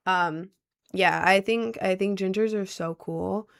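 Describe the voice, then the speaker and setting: Young woman streamer, mid-pitched, casual, sarcastic while reading chat. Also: takes it slowly, creaky, clear, resonant tone. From Maryland, USA. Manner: playful, answers chat questions with dry sarcasm.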